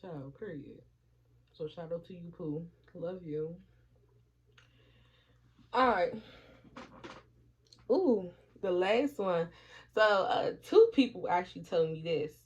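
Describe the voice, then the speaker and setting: A woman's voice: fairly low pitch, slow pace, long pauses, slightly rough. A woman vlogger in a casual storytelling chat, swearing freely and acting out what her friends said, while doing her hair at home. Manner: profane, animated, acts out quoted friends. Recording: dull lo-fi audio.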